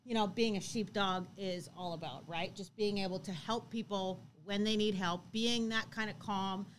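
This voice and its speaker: A woman in her thirties co-hosting a casual chat, telling a story in an animated way and laughing as she acts out what people said. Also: mid-range voice, normal speed, a little hiss or hum. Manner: animated, laughs while acting out quotes. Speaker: co-host.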